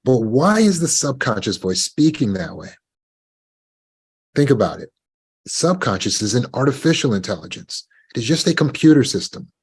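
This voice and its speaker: A man giving a measured motivational talk on recovery, often asking the listener rhetorical questions. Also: medium pitch, big pitch swings, breathy edge. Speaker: self-help speaker.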